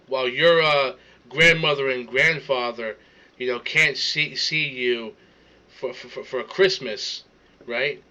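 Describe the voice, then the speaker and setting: A man's voice: mid-range voice, pushed and bright, highs cut off. A man ranting in casual commentary, swearing often and stammering as he repeats words. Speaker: streamer reacting to a video.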